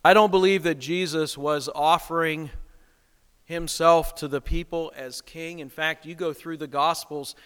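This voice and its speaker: A man's voice: on the high side, fairly bright tone, smooth, long reverb tail. A man preaching a sermon as pastor, asking rhetorical questions and stressing his points.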